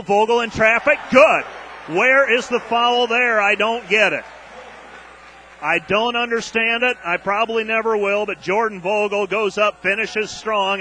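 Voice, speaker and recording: On the radio, a high-pitched male announcer rattles off play-by-play of a college basketball game, getting loud on the big plays and making no secret of his exasperation with the refs. A faint hiss or hum sits under the audio.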